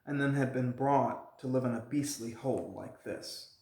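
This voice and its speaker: A man reading a children's novel aloud, voicing a miserable young boy in his own mid-pitched voice, in an echoey room. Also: moderate pace, a little mellow, close to an everyday voice. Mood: upset.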